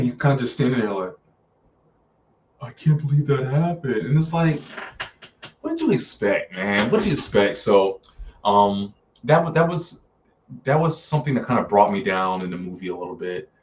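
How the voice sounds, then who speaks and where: A man with a low-pitched voice chats loosely through a live-stream film review, filling gaps with ums and acting out characters' lines. He sits back from the microphone, and the sound comes through dull and lo-fi. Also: far from the mic. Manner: chatty, many fillers, acts out characters' lines.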